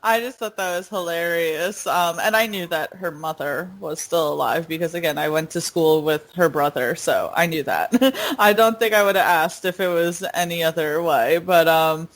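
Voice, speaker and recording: This podcast co-host, a woman with a lowish voice and a moderate pace, tells stories in casual conversation and laughs often.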